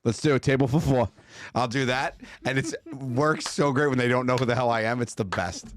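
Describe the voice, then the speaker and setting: A man co-hosting a casual podcast, an animated storyteller who acts out the dialogue and laughs often. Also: medium pitch, a little fast. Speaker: podcast co-host.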